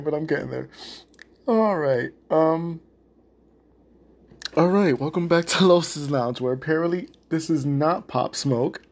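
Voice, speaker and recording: A man's voice: fairly high pitch, measured pace, long pauses. A young man hosting his own podcast, chatting casually, rambling off script, swearing and laughing often. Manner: laughs a lot, rambling and profane. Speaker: podcast host. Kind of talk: casual solo podcast chat.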